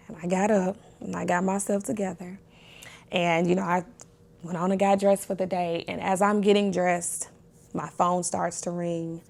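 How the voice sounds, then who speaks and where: A woman hosting a podcast, telling a personal faith story in an earnest, confessional, animated way. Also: lowish voice, creaky. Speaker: podcast host. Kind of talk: candid faith talk.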